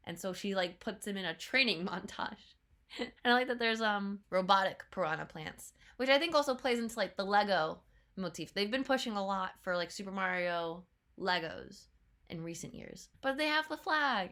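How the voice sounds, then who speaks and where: A young woman talks through her reaction in a bright, slightly high voice. She is chatty and laughs often. Now and then she drops into quick playful character voices. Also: animated. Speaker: trailer reaction host. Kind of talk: casual reaction commentary.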